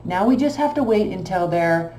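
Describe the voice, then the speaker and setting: A woman's voice: medium pitch, normal speed. A woman telling a long personal story in a casual, emotional, rambling way. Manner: animated, emotional, rambling anecdote. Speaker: tarot reader. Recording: echoey room with faint background hum.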